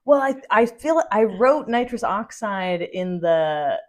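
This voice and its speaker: A woman chats about films on a podcast with a bouncy, expressive voice that swoops up and down. She swears freely and breaks into laughs. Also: medium pitch, slow. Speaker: podcast co-host. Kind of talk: casual film discussion chat.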